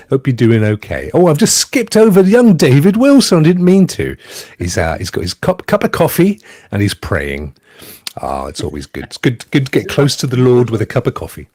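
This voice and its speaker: Male host, chatty and jokey, bouncy high voice, dry close sound. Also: huge pitch swings, a little fast, a little mellow, breathy edge, dry recording. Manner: jokey, chatty, thanks viewers by name. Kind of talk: casual livestream chat.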